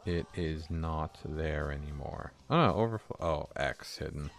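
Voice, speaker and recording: A man developing a game on a live stream, talking to himself and swearing casually, his voice a bit hoarse. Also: a bass voice, a little slow, faint music behind.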